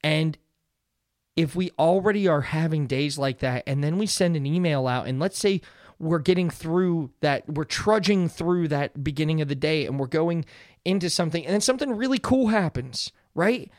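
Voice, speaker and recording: A man's voice: on the high side, moderate pace, darkish tone, dry recording, studio quality. Earnest man hosting a podcast. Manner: earnest, conversational, often asks "right?". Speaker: podcast host. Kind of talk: solo motivational podcast talk.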